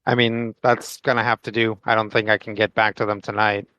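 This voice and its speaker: Low-ish voiced guy at a tabletop game, halting, lots of ums, dry sound. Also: level tone, bright, forceful tone, dry recording. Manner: hesitant, halting, with fillers. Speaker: player.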